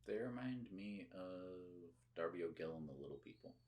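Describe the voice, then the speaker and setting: A woman's voice: a bass voice, expressive, moderate pace, a little mellow. A woman sharing wry trivia during a casual movie commentary. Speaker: film commentator.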